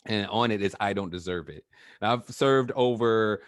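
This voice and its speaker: A man's voice: fairly low pitch, moderate pace, clean tone, dry recording, studio quality. A man working as a coach who talks in a casual, chatty way, with filler words and frequent laughs, over a video call. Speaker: NLP trainer, guest.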